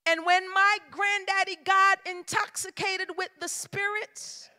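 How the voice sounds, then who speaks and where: A woman pastor delivers a sermon in a church sanctuary. Her voice sits very high and sounds bright and ringing. She talks in a folksy, colloquial way, drops low for emphasis and then builds to loud, shouted lines. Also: steady tone, a little slow. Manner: emphatic preaching with call-and-response cadence, swinging from hushed to shouted.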